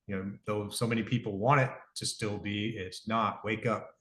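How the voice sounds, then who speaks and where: A man's voice: lowish voice, fairly even intonation, normal speed, a bit bright. A middle-aged man talking casually as an interview guest, rambling, correcting himself as he goes, earnest about his business. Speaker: guest, device company founder. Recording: roomy echo.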